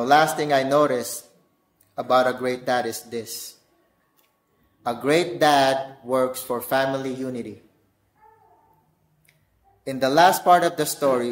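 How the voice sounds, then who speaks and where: A man with a Filipino accent preaching a sermon as a guest pastor, earnest, slowing down to press pointed questions. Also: mid-range voice.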